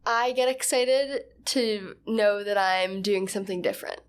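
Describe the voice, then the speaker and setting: A woman's voice: medium pitch, measured pace, clear, resonant tone. A woman co-hosting a podcast, chatting in an easygoing, reflective way and saying "like" often. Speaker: podcast co-host. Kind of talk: casual chat.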